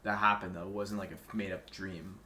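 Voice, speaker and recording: A young man co-hosting a podcast, telling a story quickly and packing it with lots of "like". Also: low voice, flat delivery, bright, forceful tone, slight background noise. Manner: rapid, filler-heavy storytelling. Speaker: podcast co-host. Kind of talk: casual chat.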